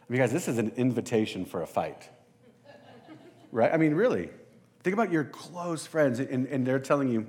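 A man's voice: medium pitch, lively intonation, moderate pace, darkish tone. A man preaching a casual sermon, talking conversationally and with some self-deprecation, and addressing the congregation directly.

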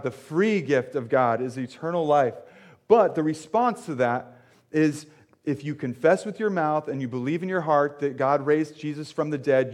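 A man's voice: on the high side, darkish tone. Man preaching a casual sermon. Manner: casual, joking with the congregation, frequent fillers. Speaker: pastor. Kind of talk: conversational sermon. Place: church sanctuary.

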